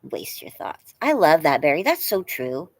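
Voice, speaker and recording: A woman's voice: deep voice, very animated, moderate pace, vocal fry, dry recording. A woman hosting a live stream, answering chat in casual, rambling talk full of fillers and gushing praise. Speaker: livestream host reading chat.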